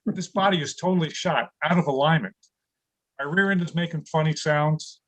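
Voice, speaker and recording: A man's voice: on the high side, normal speed, a bit bright. A man in his sixties from New York City doing a stand-up comedy set over a video call from his home studio, chuckling at his own punchlines. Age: 60s.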